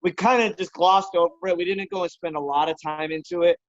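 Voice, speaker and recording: A man co-hosting a podcast over a video call, talking in a halting way with many restarts. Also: high-pitched, steady tone. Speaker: podcast co-host. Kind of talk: casual chat. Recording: dry, dull lo-fi video call audio.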